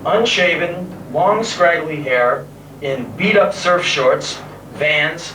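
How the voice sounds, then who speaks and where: Live on a pub stage, a spoken word performer in his thirties swears his way through a sarcastic story at his own expense. He talks at a slow pace in a slightly high voice, and the bootleg recording is echoey, distant and noisy.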